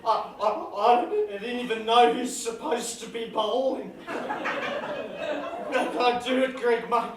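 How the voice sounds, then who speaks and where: A man's voice: very high voice, animated, unhurried, noisy background. Man doing a stammering, panicky cricket teammate. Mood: flustered. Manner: stammering, pleading. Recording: echoey live stage, crowd, distant mic.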